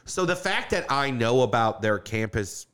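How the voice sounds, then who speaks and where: A man's voice: medium pitch, normal speed, clear, resonant tone. A young man, a podcast co-host and comedian, telling a profane story in casual chat. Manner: animated storyteller acting out quotes, profane.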